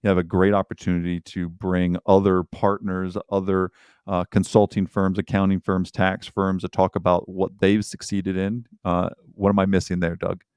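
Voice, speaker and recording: A man's voice: low-pitched, flat delivery, moderate pace, darkish tone, smooth, dry recording. A man co-hosting a casual podcast, thinking aloud as he talks. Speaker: podcast co-host.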